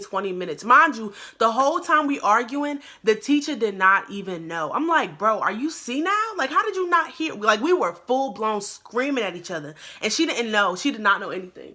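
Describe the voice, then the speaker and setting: A young woman vlogger telling a story in casual, slangy chat, animated and acting out her own quotes. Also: mid-range voice. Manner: animated, acts out quotes in a louder voice; slangy, lots of "like" and "bro". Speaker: YouTuber.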